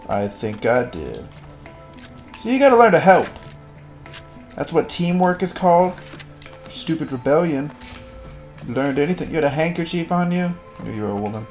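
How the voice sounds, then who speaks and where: A man giving goofy, crude gameplay commentary with sudden loud outbursts. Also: fairly high pitch, big pitch swings, normal speed, soft background music. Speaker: gaming channel host.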